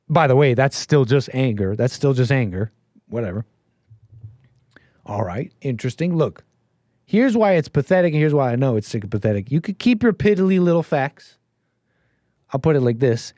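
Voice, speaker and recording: A man hosting a talk show, giving sarcastic, mocking commentary on a clip with animated asides. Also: a little high, normal speed, no room sound. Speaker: show host.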